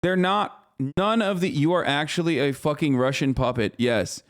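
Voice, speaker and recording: A man's voice: a little high, normal speed. A man streaming a reaction to a news clip, ranting in an exasperated, profane way. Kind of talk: heated reaction commentary.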